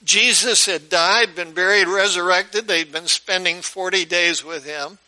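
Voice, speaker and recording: A man's voice: high-pitched, unhurried, pushed and bright, low-quality recording. A male pastor preaching a sermon in a conversational storytelling way, often putting questions to his listeners.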